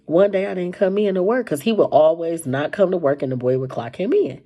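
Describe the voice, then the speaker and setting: A woman casually telling a personal story to camera, animated and colloquial, her voice jumping high when she quotes herself. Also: a little fast, few pauses. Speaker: storyteller sharing a personal testimony.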